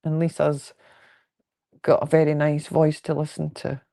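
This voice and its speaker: A woman with a Fife Scottish accent hosts a relaxed quilting livestream from home, chatting with viewers in a frank, jokey way. Her voice has a gravelly, creaky edge, and she rambles comfortably from one thought to the next. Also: deep voice, measured pace. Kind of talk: casual livestream chat, answering viewer comments. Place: at home indoors.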